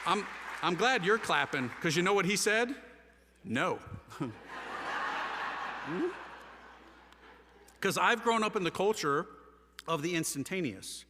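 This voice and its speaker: Man with a fairly high voice, passionate testimony speaker, slangy and animated, reverberant hall. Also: slow pace, long pauses, background noise. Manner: animated, slangy storytelling with wide swings of loudness. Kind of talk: impassioned testimony talk to a live audience.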